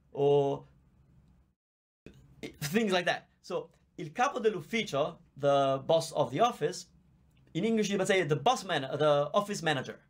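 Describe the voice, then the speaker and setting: A native Italian language teacher with an Italian accent and a fairly high-pitched voice runs a live online Q&A lesson. He explains things patiently and chats while reading viewer comments aloud, a microphone visible in front of him.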